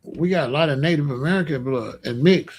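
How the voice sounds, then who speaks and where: Middle-aged man, fairly high voice, blunt profane rant, dismissive and repetitive. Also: brisk, a little hiss or hum. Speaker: commentator reacting to comments. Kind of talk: casual ranting commentary.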